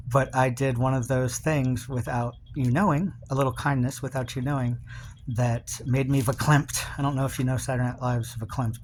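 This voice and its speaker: A man's voice: medium pitch, a little mellow, slight background noise. Rambling, remorseful man talking to camera. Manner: rambling, confessional, with many fillers and restarts. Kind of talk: emotional personal video message.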